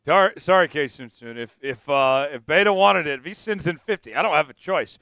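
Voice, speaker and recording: A man hosting a live sports stream, laughing often and breaking into loud chants with viewers. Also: a little high, expressive, a little fast, clean tone, no echo, faint music behind. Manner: rowdy, laughs a lot, bursts into loud chants. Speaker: sports show host.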